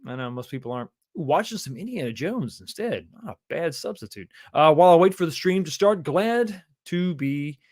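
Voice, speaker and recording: Guy in his 40s, slightly higher voice, laid back livestream chatter, chuckles a lot. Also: lively intonation, moderate pace, few pauses, a little mellow. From Texas, USA. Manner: chatty and easygoing, with frequent chuckles and repeated phrases. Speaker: livestream host. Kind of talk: casual livestream chat, reading viewer comments.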